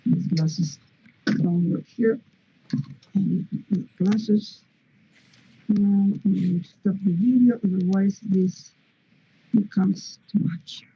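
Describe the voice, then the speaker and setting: Woman teacher for a streamed grammar class: slow, patient delivery, soft mellow tone, muffled lo-fi sound. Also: medium pitch, a little hiss or hum. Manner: patient, explains step by step with frequent "mm-hmm" and "okay". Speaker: English teacher. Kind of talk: online English grammar lesson.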